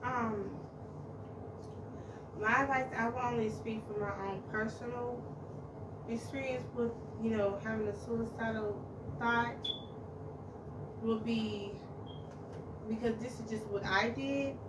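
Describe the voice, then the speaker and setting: A woman co-hosting a podcast who shares personal advice gently, pausing with fillers. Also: fairly high pitch, steady tone, roomy sound, distant mic, background noise. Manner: halting, gentle, many fillers. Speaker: podcast co-host.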